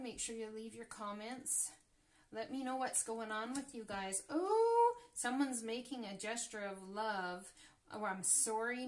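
A woman reading tarot cards for her viewers, often gasping and exclaiming as cards turn up. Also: fairly high pitch. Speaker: tarot reader. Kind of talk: casual tarot reading to camera.

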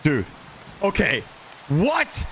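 A man commentating a horror game, jumpy, yelping and shouting when startled. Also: fairly high pitch, huge pitch swings, drawn-out words, slight background noise. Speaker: gaming YouTuber.

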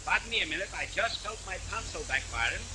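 High, lively man reciting comic verse. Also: fast talker, low-quality recording. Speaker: vaudeville performer.

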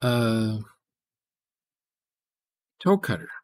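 A man's voice: fairly low pitch, big pitch swings, drawn-out words. A man, casually chatting with viewers during a live programming stream, rambling and thinking aloud.

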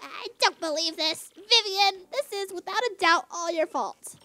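A woman's voice: very high-pitched, animated, a little slow, pushed and bright, voice pushed up, exaggerated voice. A woman voicing a bossy female villain leader who scolds imperiously. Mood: scolding.

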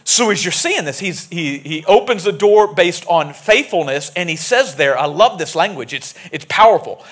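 Male pastor, lively high delivery, storytelling sermon in a church. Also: moderate pace. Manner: animated, jokey storytelling preaching. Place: church sanctuary.

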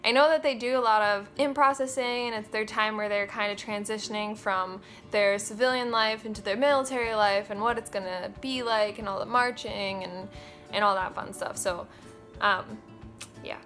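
A woman's voice: medium pitch, steady tone, normal speed, a bit bright, soft background music. A young woman in her twenties chatting casually to camera in a vlog, full of fillers and offhand swearing. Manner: chatty, with many fillers and quoted asides. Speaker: vlogger. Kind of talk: casual chat.

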